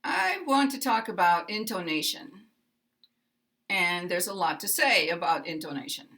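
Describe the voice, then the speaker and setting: An American woman gives a pronunciation lesson, talking slowly and with care. She demonstrates sample phrases, stretching her pitch up and down in an exaggerated way, and her tone is a little bright.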